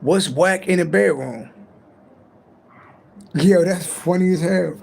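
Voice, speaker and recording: A man's voice: high-pitched, slow, gravelly, darkish tone. A man giving a late-night tarot reading on a livestream, talking in a loose, profane, rambling and joking way. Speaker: tarot reader on a live stream. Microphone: livestream mic.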